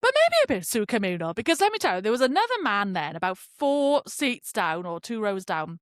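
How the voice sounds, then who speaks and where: A woman's voice: medium pitch, sing-song, fairly quick, no room sound, studio quality. A young woman hosting a podcast, telling a story in a casual rant and swearing freely. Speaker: podcast host. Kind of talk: casual ranting monologue.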